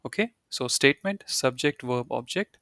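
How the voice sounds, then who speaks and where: A man's voice: mid-range voice, animated, moderate pace, pushed and bright, no room sound, clean studio sound. A man teaching a German lesson, explaining step by step and often repeating key points with "you know" and "right". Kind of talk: live online language lesson.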